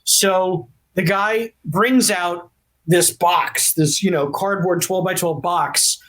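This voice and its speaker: A man guesting on a podcast interview, telling an animated anecdote. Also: high-pitched, slow pace. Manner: animated storyteller. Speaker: actor guest.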